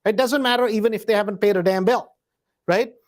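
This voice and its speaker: This real estate investing teacher, whose voice sits high, talks live in a relaxed, conversational style. He sprinkles "right?" throughout his points and performs door-knocking scripts as if hesitant and searching for words.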